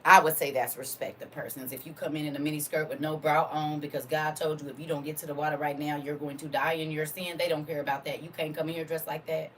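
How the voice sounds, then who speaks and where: A woman's voice: deep voice, flat delivery, fast talker, hardly any pauses, recorded from a distance, a little hiss or hum. A woman preaching to a congregation in a fervent, informal way, full of rhetorical questions and casual vernacular.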